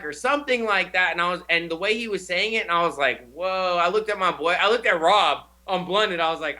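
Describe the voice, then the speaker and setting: A young man hosting a casual chat, telling stories in a slangy, swearing, animated way. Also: high voice, brisk, hardly any pauses. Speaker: show host.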